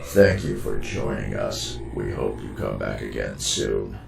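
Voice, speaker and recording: A pitched-down demonic announcer. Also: male voice, very animated, exaggerated voice. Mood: ominous. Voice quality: gravelly, slow and ominous. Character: hellish deep-voiced male broadcast announcer. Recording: echoey and distant, music behind.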